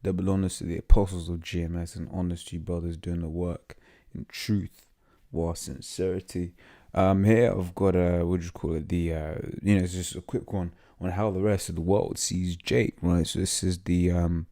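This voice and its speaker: A man with a low, gravelly, dark voice delivers an informal scripture teaching. He talks haltingly, leaning on fillers and tag questions, and stumbles when he reads text aloud. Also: flat delivery. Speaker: lay preacher.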